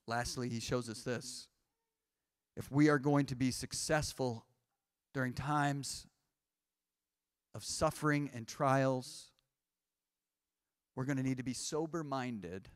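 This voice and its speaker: A man's voice: mid-range voice, takes it slowly, pauses often, smooth, no echo, clean studio sound. A man who is a pastor preaching a sermon, building his points in rising, repeated phrases with frequent restarts. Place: church sanctuary.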